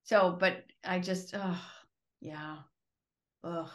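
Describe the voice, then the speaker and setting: A woman's voice: lowish voice, fairly even intonation, extremely slow. Lady cohost, straight-talking, casual, sighs and trails off sometimes. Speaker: podcast co-host. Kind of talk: casual reflective chat.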